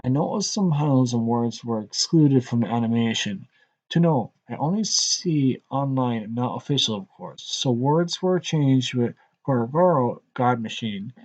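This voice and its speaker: A man's voice: medium pitch, animated, measured pace, a little mellow. A man with a rural Irish accent, rambling conversationally as he streams his commentary straight to his viewers. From Ireland. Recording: dull lo-fi live stream audio.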